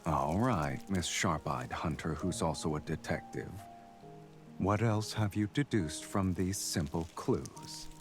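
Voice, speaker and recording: A suave young crime boss in a game, with a very deep voice that stays smooth and mocking. He talks slowly and teasingly, and clear music plays under him. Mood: amused. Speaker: game character.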